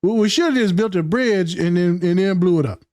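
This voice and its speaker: A man's voice: high-pitched, a little fast, a little mellow, dry recording, clean studio sound, pitched above the performer's own voice, lightly acted. A man putting on the voice of a grumbling bigot in sarcastic mockery. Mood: mocking.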